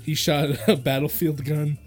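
A man's voice: on the high side, flat delivery, normal speed, faint music behind. A man co-hosting a podcast, telling a rambling story with lots of fillers and laughs. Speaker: podcast co-host. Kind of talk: casual podcast chat.

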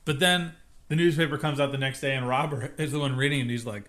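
A man's voice: mid-range voice, fairly even intonation, quick pace, a bit bright. A man co-hosting a casual podcast, retelling TV scenes and acting out the characters' lines. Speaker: podcast co-host. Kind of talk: casual recap chat.

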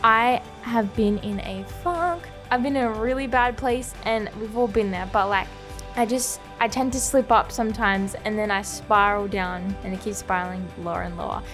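A woman's voice: mid-range voice, moderate pace, fairly bright tone, soft background music. A young woman, co-hosting a casual podcast, talking candidly and self-deprecatingly, rambling and laughing at herself. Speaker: podcast co-host.

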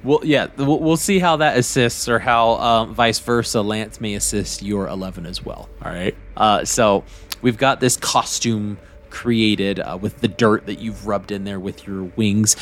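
Low-voiced man running a tabletop game. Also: slight background noise. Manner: calm, measured, many fillers. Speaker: game master.

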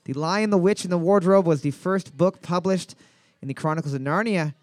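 A man hosting a bar trivia night, joking crudely between slowly read questions. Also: high voice, dry recording. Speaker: trivia night quiz host.

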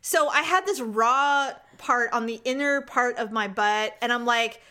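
A woman's voice: a little high, unhurried, bright, forceful tone. A middle-aged woman co-hosting a podcast, telling candid, graphic stories in casual chat with lots of quoted dialogue. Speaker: podcast co-host.

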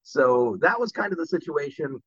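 Casting note: bright, lively male voice actor, dry and slightly muffled mic. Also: on the high side, moderate pace, dry recording. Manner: animated storyteller who slips into voices. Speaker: voice actor guest. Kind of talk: casual podcast chat.

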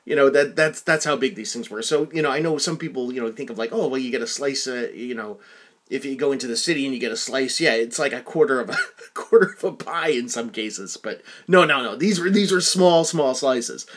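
A man's voice: mid-range voice, fairly quick. A middle-aged man hosting his own podcast, telling a rambling story full of restarts and acted-out quotes. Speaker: podcast host. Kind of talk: casual podcast monologue and phone chat.

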